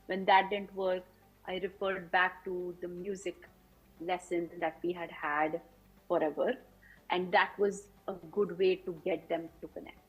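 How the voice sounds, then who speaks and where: A woman's voice: medium pitch, breathy edge, poor audio. A woman presenting at a conference, explaining her teaching strategies step by step to other teachers.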